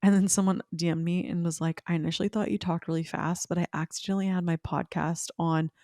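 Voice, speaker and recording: A young woman hosting a casual spiritual podcast, chatty and rambling, talking fast with an upbeat, affectionate tone toward her listeners. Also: on the low side, steady tone, darkish tone, no room sound, studio quality. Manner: fast-talking, slowing down at times. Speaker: podcast host.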